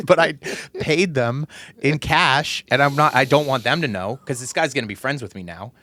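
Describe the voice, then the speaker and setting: Bright-voiced man rambling through a story. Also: medium pitch, animated, moderate pace. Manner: rambling, self-interrupting, swears and laughs while telling stories. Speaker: podcast host. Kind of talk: casual storytelling chat.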